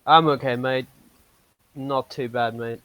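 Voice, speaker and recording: A man's voice: mid-range voice, steady tone, unhurried, noisy background. A man from Pakistan calling in to a stream, giving short, hesitant replies full of fillers. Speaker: caller. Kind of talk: call-in guest on a stream.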